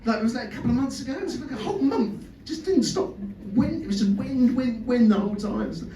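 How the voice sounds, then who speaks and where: A man's voice: extremely high pitch, lively intonation, fast talker, mellow, a little hiss or hum. A man from Britain with a British accent doing a sweary, self-mocking stand-up comedy set in a club, with audience laughter behind him. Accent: British English. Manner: chatty, sweary, self-mocking, stammers on restarts. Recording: roomy live club sound from a distance. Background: audience laughter and chatter.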